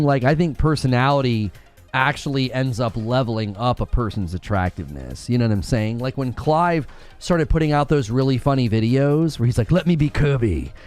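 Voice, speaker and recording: A man's voice: mid-range voice, a little mellow, clear, resonant tone. An American man hosts a co-stream in a loose, casual chat. He rambles and fills his sentences with small verbal fillers. Faint music plays behind him. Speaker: co-stream host.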